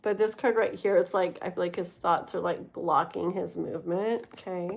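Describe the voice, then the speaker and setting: A woman's voice: on the low side, fairly even intonation, moderate pace, vocal fry, few pauses. A woman hosting a live tarot stream, chatting casually to viewers, rambling with lots of fillers and frequent laughs. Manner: rambling, many fillers and trailing thoughts; talks to chat viewers, laughs often.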